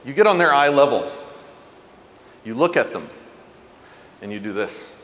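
A man giving a parenting talk, telling stories earnestly and going soft and low for tender points. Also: measured pace, in a large hall, a little hiss or hum. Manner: earnest, animated storyteller, drops soft and low for tender moments. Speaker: parenting speaker. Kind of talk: motivational talk.

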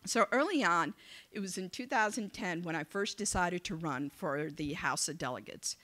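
Bright, animated woman giving a motivational speech. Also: lowish voice, normal speed. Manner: animated and conversational, acting out dialogue. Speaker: keynote speaker. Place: event venue.

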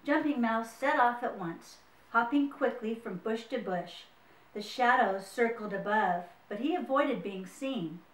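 A woman's voice: a little high, expressive, measured pace, recorded from a distance. Woman reading a picture book aloud. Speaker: storyteller. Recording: roomy, mic set away.

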